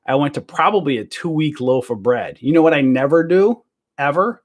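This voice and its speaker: A man's voice: fairly high pitch, animated, normal speed. A man hosting a casual livestream from home during self-quarantine, joking and tossing rhetorical questions at his viewers. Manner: chatty and joking, asks the audience rhetorical questions. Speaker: livestream host. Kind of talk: casual rambling livestream rant.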